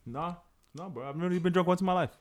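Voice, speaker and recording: A man's voice: sits high, very fast, a crowd in the background. A man co-hosting a podcast, denying and joking in casual banter. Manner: playful, lively denials. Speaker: podcast co-host. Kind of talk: casual chat.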